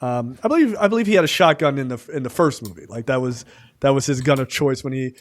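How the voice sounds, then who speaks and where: A man co-hosting a casual film review podcast, talking loosely with many fillers and acting out scenes in quick quoted voices. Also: mid-range voice, lively intonation, no room sound. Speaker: podcast co-host.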